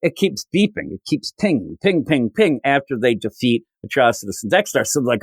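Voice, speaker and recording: A man hosting a comics podcast, recapping a story with animated storytelling and acted-out quotes. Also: medium pitch, normal speed, breathy edge, no room sound. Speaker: podcast host. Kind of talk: casual comic review recap.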